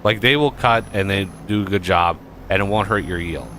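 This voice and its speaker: A man's voice: low voice, fairly quick, fairly bright tone, a little hiss or hum. A man giving casual gameplay commentary as a streamer, rambling with many fillers and restarts.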